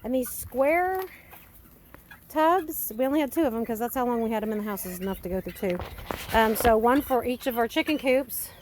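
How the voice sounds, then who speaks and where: A woman's voice: on the high side, moderate pace, background noise. A woman giving a rambling, matter-of-fact tour of her farm outdoors in a casual vlog, filming on a handheld phone. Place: outdoors on a farm among animals.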